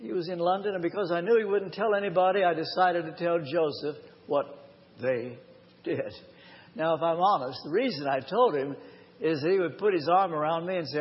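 A man preaching a live sermon, his voice sitting fairly high. He tells his story earnestly and drags out the key phrases for weight. The recording is dull and washed in long reverb from a large church hall. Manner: earnest, personal storytelling with emphatic slowed phrases. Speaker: pastor.

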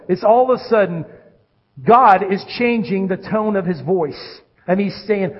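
High-voiced preacher with animated delivery. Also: male voice, normal speed, breathy edge, highs cut off. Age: adult with children. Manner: animated preaching, swinging between loud calls and hushed lows. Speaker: pastor. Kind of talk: sermon.

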